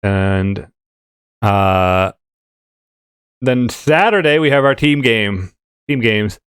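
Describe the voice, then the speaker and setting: A man's voice: on the low side, animated, drawn-out words, a bit bright, smooth, no echo. A man hosting a casual tabletop gaming podcast, rambling with many fillers and restarts. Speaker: podcast host. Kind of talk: casual chat.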